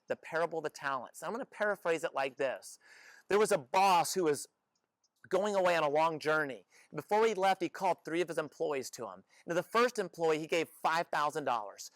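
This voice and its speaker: A man's voice: a little high, a bit bright, no echo. A man hosting a Christian motivational talk, speaking earnestly and exhorting with many rhetorical questions. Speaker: host.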